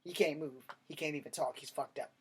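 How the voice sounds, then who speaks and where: A man telling a personal story in a blunt, profane, animated way. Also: on the high side, fairly quick, husky. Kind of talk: casual storytelling monologue.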